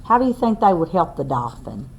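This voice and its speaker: A woman's voice: sits low, sing-song, vocal fry, darkish tone, slightly rough. A woman teacher reads a picture book aloud to young children, asking the class questions as she goes. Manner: slow, sing-song read-aloud with questions to the class.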